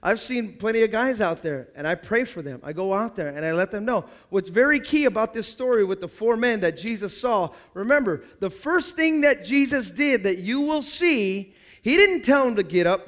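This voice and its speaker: A man with a notably high voice preaches to his church, calling out for the congregation to repeat words after him. He slips into quoted voices to act out everyday scenes, then drops back into his preaching. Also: fairly bright tone. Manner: call-and-response preaching, acting out people in quoted voices. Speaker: pastor. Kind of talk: sermon.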